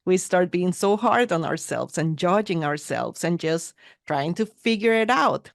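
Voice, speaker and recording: A woman adds to a live class in a soft, thoughtful way, pausing on fillers. Her voice sits on the lower side for a woman, and the sound is dry and close. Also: animated, creaky, dry recording. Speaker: co-teacher.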